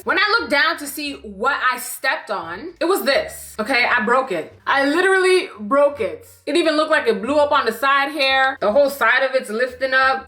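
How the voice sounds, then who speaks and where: A young woman from Canada tells a storytime vlog in a lively, profane way, acting out the quotes dramatically. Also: a little high, echoey room. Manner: animated, profane, dramatic quoting. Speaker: YouTuber.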